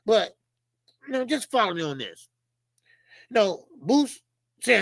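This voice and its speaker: A man's voice: high voice, sing-song, measured pace, gravelly, pauses often, a bit bright, no echo. A man hosting a casual live boxing talk stream, blunt and profane, rambling and addressing viewers in the chat directly. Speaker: boxing channel host.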